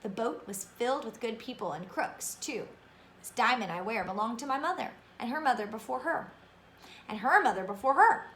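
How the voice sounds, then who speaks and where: A woman's voice: a little high, animated, moderate pace, fairly bright tone, echoey room, a little hiss or hum. A woman voicing a kindly old Polish woman who cooks at a shelter, in a put-on Polish accent and a fussy, doting manner. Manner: fussy, doting, calls the boy dearie.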